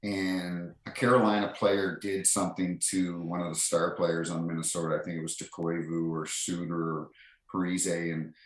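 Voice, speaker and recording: A man's voice: low-pitched, little pitch movement, moderate pace. A middle-aged man, a retired referee, telling stories as a podcast guest in a chatty, rambling way with many fillers and restarts. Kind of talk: casual anecdotal storytelling. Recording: roomy echo.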